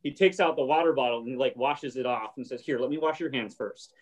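A man's voice: medium pitch, fast talker. A man hosting a casual chat and retelling a show scene, briefly acting out the characters' lines. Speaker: podcast host.

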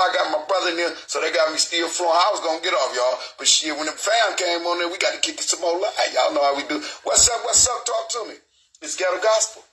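Middle-aged man, streetwise host, rambling live-stream talk, bright tense tone. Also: on the high side, poor audio. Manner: rambling, streetwise, swears freely. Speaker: show host.

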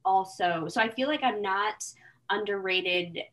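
A woman guest on a podcast, telling stories in a rambling, animated way with many fillers. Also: medium pitch, measured pace. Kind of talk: casual podcast chat.

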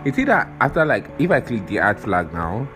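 A man's voice: medium pitch, very animated, fairly quick, fairly bright tone, soft background music, rough recording. A young man hosting a podcast, rambling casually, swearing often and losing his train of thought while he has a cold. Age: young adult. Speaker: podcast host.

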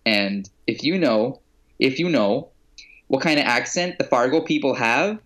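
A man's voice: medium pitch, animated, a little slow, a bit bright. A young man co-hosting a casual chat, talking eagerly about movies. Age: young adult. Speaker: podcast co-host.

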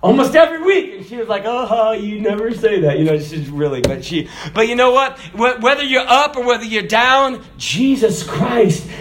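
High-voiced preacher in an echoey hall. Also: male voice, sing-song, normal speed, hardly any pauses, slight background noise. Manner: swings from loud emphatic preaching to soft low asides. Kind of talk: sermon.

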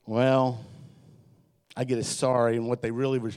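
A man's voice: mid-range voice, steady tone, moderate pace, pauses often, a little mellow, clean tone. A middle-aged man preaching a sermon as pastor in a church, joking and telling stories while acting out the voices he quotes.

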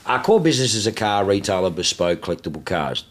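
An Australian man with a fairly low voice talks loosely and with plenty of profanity as he hosts a relaxed chat. He tells his stories animatedly and keeps the conversation rolling. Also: quick pace. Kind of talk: casual chat.

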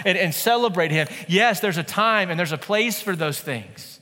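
A man in his thirties preaching a sermon in a church, conversational and animated, with playful asides. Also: sits high, moderate pace, few pauses, big-room sound. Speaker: pastor.

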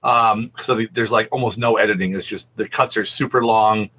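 Husky bright-voiced man telling stories. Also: fairly low pitch, steady tone, moderate pace. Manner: rambling anecdotal storyteller, swears freely. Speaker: podcast co-host. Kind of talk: casual chat.

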